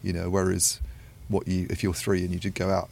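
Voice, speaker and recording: A man with a very deep, gravelly voice talks in a flat, even way as he chats on a podcast. He thinks aloud and wanders through asides, and he sounds unhurried. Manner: thoughtful, rambling with many asides. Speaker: podcast panelist. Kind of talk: casual analytical discussion.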